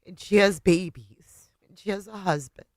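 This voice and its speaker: A woman hosting a livestream and talking casually to her viewers, tearful, halting and often trailing off quietly. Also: medium pitch, no room sound. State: tearful, voice breaking. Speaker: livestream host.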